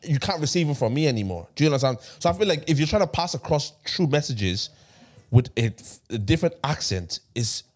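A man in his twenties with an Irish accent, hosting a casual podcast chat, animated and repeating himself as he makes his point. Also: fairly high pitch, brisk. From Ireland. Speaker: podcast host.

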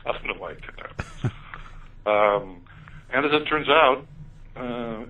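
A man's voice: mid-range voice, lively intonation, a little slow, pushed and bright, distant mic, slight background noise, low-quality recording. A man telling his story in an interview, talking hesitantly with many ums and uhs. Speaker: author recounting his experiences.

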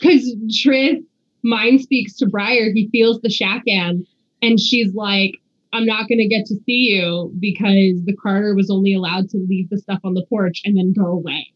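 A woman co-hosting a casual book discussion, chatty and quick to tell a personal anecdote. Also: mid-range voice, fairly even intonation, slightly rough. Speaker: book podcast co-host. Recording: dull lo-fi audio.

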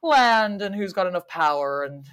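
A woman speaking as a guest historian in a casual podcast conversation, animated and wry, laughing often and mimicking voices when she quotes people. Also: lowish voice, normal speed, clean tone.

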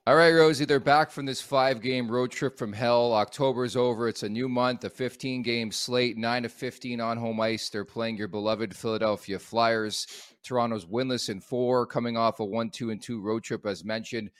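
A man's voice: mid-range voice, fairly even intonation, normal speed, few pauses, no echo, clean studio sound. A man hosting a sports podcast, upbeat and joking as he steers the talk. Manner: upbeat, joking, leads the segments. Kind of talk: casual sports chat.

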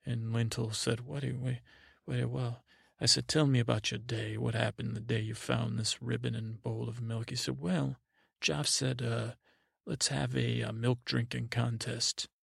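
Gravelly, meandering sleepy storyteller man. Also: mid-range voice, flat delivery, no room sound, studio quality. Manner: meandering, halting, full of restarts and asides. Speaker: podcast host.

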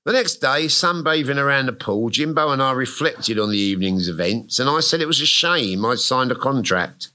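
A bright-toned man reads his own memoir aloud on a venue stage. His telling is wry and comic, full of self-mocking asides, and his voice stays at a middling pitch. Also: lively intonation, moderate pace, hardly any pauses. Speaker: guest author. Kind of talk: reading his memoir aloud to a live audience. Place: live music venue stage.

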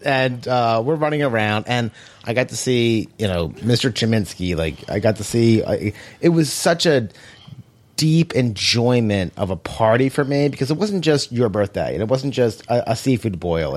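A man's voice: medium pitch, lively intonation, moderate pace, a little mellow. Brief: male co-host, casual, enthusiastic, rambling delivery. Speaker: podcast co-host. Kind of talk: casual chat.

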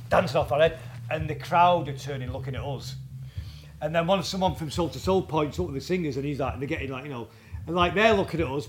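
A man's voice: on the high side, slight background noise. Rambling man telling stories. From England. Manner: rambling, halting anecdotes with many restarts. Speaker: interview guest, band drummer. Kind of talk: casual storytelling interview.

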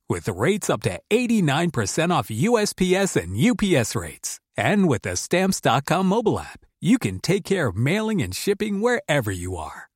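Salesy male ad announcer, wide swooping pitch, husky tone, dry booth. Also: dry recording. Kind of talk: scripted radio-style ad read.

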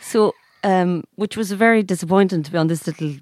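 A woman's voice: lowish voice, fairly quick, a little mellow, dry recording, studio quality. A woman with an Irish accent telling a rambling story in casual chat, full of "like" and "so anyway".

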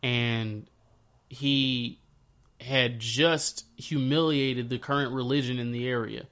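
A man's voice: medium pitch, slow pace. Casual slangy man telling a story. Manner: slangy, conversational, animated when retelling scenes. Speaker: speaker sharing a faith story. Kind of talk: casual spoken reflection.

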